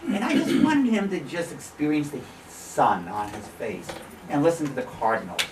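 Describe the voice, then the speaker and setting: A middle-aged photographer giving an informal slide talk to a gallery audience, an animated storyteller who laughs often and acts out the voices he quotes. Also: a little high, normal speed, distant mic, noisy background. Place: small art gallery with an audience. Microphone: room recording from a distance. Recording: echoey gallery room, voice from off-mic.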